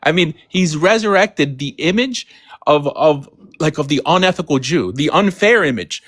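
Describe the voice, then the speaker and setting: A man's voice: fairly high pitch, lively intonation, normal speed, fairly bright tone, dry recording. Earnest man explaining, dry close sound. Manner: earnest, explains with many "you know" and "right". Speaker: guest. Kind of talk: casual live-stream discussion.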